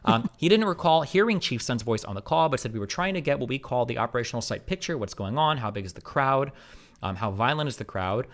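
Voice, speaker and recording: Fast-reading male streamer. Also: medium pitch, expressive. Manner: brisk reading with skeptical asides. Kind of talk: reading a report aloud on a live stream.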